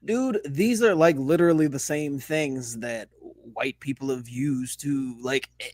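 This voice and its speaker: A man's voice: mid-range voice, unhurried, a little mellow, no room sound. A man co-hosting a sports podcast, talking in a fired-up, profane, casual rant. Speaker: podcast co-host.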